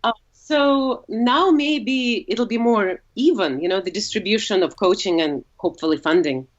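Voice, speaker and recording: Woman, Russian accent, non-native English speaker, guest in casual chat, fillers and restarts, medium-pitched voice, slightly muffled recording. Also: normal speed. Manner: explanatory, with frequent fillers and self-corrections. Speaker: guest, opera singer. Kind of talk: casual conversation.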